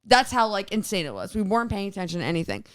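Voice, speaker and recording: A woman co-hosts a casual podcast, telling a long story with lively, filler-packed energy. Her voice is smooth and resonant, sitting at an ordinary middle pitch. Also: fast. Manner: animated, filler-heavy retelling with lots of "like". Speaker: podcast co-host.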